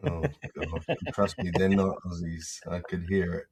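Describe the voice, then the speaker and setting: A man's voice: sits low, level tone, normal speed. Sarcastic, swearing man co-host. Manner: profane, sarcastic banter. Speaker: co-host reacting to video clips. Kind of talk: casual reaction chat.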